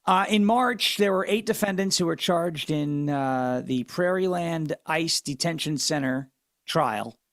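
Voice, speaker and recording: Guy doing talk radio, high pitched, dry close mic, mocking and punchy, leans hard on words. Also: unhurried, a bit bright, no room sound. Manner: sarcastic, mocking, punchy emphatic delivery. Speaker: radio talk show host. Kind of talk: opinionated political talk radio monologue.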